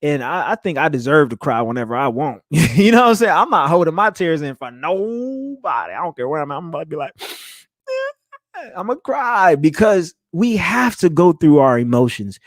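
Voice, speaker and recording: A man's voice: fairly high pitch, moderate pace, dry recording, clean studio sound. A young man hosting a motivational podcast, talking earnestly and laughing often, with frequent restarts. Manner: earnest, animated, laughs often, repeats words. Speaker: podcast host. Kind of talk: motivational solo podcast talk.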